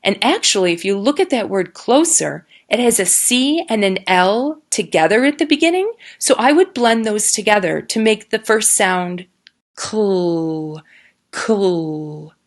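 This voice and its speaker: A woman who teaches kindergarten, giving a patient recorded lesson and sounding out words slowly for young children. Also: on the high side, expressive. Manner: slow, patient and sing-song, sounding out words.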